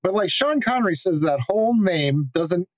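Man, slightly higher voice, swearing, laughing, casual film chat, dry sound. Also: normal speed, no room sound. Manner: profane, laughing, animated storytelling. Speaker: podcast co-host.

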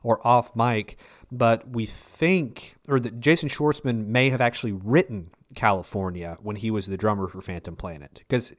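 A lower-voiced man co-hosting a podcast, chatting casually with an easy, self-mocking humor. His voice is dry and close, with no room echo. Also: moderate pace. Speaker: podcast co-host. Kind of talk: casual chat recapping a TV episode.

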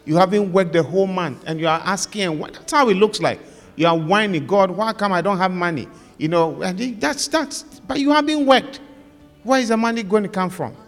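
A man preaching and leading a fervent prayer, repeating his pleas and moving between loud calls and plain, scolding talk to the congregation. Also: fairly high pitch. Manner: fervent, repetitive prayer with rising, pleading calls; conversational, scolding exhortation. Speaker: pastor. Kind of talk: sermon with led prayer. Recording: long hall reverb with faint music.

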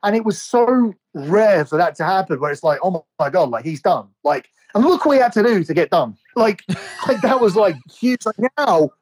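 A man's voice: high voice, lively intonation, moderate pace, breathy edge, rough recording. A man co-hosting a podcast in casual chat, rambling and restarting his sentences in a start-stop way. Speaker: podcast co-host.

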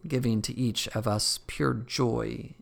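A man preaching a sermon as pastor, earnest, dropping to a hush at dramatic moments. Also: mid-range voice, steady tone, slow, creaky.

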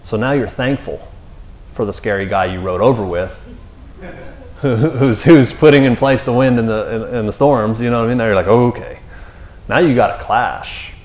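A man's voice: medium pitch, normal speed, darkish tone. Guy pastor preaching casual, mid voice, roomy echo. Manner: casual, conversational, full of fillers like "man" and "you know". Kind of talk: sermon. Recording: echoey room.

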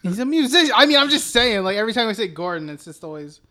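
High, bright young guy. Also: quick pace. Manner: animated, jokey, swears freely. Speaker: podcast co-host. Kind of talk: casual film discussion chat.

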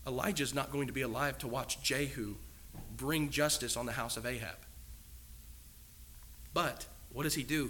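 Bright, emphatic male preacher. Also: mid-range voice, a little hiss or hum. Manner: earnest and emphatic, with many rhetorical questions. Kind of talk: sermon.

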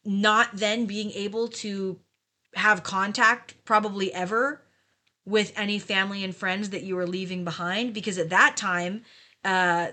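A woman's voice: medium pitch, fairly even intonation, a little slow, sharp tone. A woman co-hosting a casual Bible discussion podcast, thoughtfully explaining historical context. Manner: thoughtful, explanatory, asks listeners to imagine. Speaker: podcast co-host.

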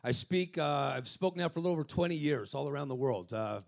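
A man giving a lively, humorous motivational sermon in a large church auditorium, telling stories and calling out people in the crowd. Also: on the high side, quick pace, vocal fry. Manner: energetic, humorous storytelling with crowd shout-outs. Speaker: guest speaker.

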